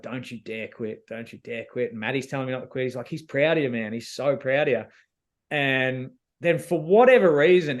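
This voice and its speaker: An Australian man, a reality show contestant, openly retelling an emotional experience in a casual interview and acting out what people said to him. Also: mid-range voice. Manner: candid, emotional retelling that acts out quoted dialogue.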